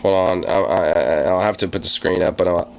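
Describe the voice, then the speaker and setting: A young man streaming casually, rambling and swearing, quick to get excited. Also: sits low, slight background noise, rough recording. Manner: profane, rambling, easily excited. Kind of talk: casual livestream chat.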